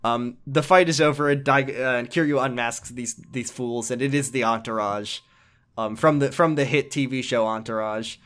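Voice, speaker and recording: A male podcast host casually recapping a video game story at a mid-range pitch. He rambles and jumps in animation from one bit to the next, swearing freely and laughing mid-sentence. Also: moderate pace, fairly bright tone.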